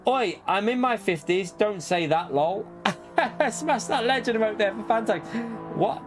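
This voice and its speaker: A British man streaming a racing game live, chatting casually to his viewers in an excitable way, laughing often and swearing when something shocks him. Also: sits high, a little slow, over music.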